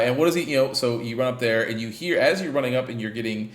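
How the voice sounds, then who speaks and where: A gaming podcast host with a mid-range voice talks quickly as he casually recaps a game. He rambles, with lots of fillers and restarts, and the room around him is roomy and echoey.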